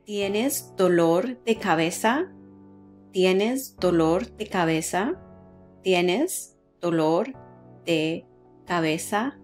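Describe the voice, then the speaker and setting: A middle-aged woman, a nurse educator, gives an online lesson on medical phrases, slowing down and repeating each phrase for learners. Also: lowish voice.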